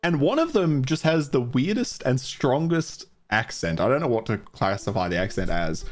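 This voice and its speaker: A man's voice: medium pitch, big pitch swings, moderate pace, faint music behind. A man with a mild Australian accent streaming a video game, chatting casually, thinking aloud and laughing easily. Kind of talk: casual live-stream commentary.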